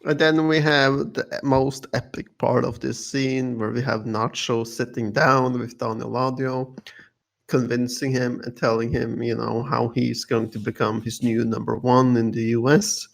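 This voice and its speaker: A male podcast co-host in casual chat, with a mid-range voice and a lot of vocal fry. He rambles, restarts his sentences and laughs between points. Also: medium pitch, level tone, a little slow. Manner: rambling, many fillers and restarts, laughs often.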